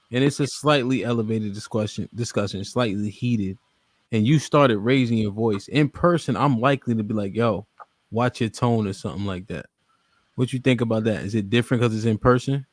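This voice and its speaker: A man's voice: medium pitch, a little mellow, no echo. Dry-sounding man moderating a debate. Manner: questioning, summarizing both sides. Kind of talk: podcast moderation.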